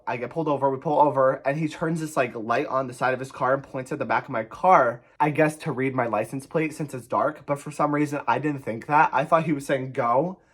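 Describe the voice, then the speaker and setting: Young man telling a profane storytime. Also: medium pitch. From New Jersey. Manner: animated, profane, rambling. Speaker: vlogger. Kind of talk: storytime vlog.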